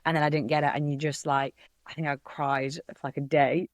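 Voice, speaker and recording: A young woman with a Hull accent chats as a podcast guest. She tells stories in an animated, easy way. The sound is close and dry. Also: low voice, brisk, dry recording. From Hull, England. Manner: chatty, animated storytelling. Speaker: guest actor. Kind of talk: casual podcast chat.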